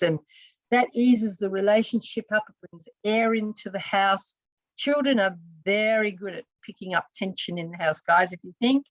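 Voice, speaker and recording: A woman counselor appears as a guest on a casual podcast, talking earnestly and explaining with restarts and asides. Her voice is mid-range, and the recording is muffled with no echo.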